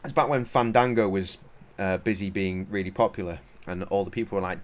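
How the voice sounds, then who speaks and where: A man's voice: deep voice, fairly quick. A young man streaming a video game, rambling and swearing in a self-mocking, casual way. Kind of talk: casual gameplay commentary.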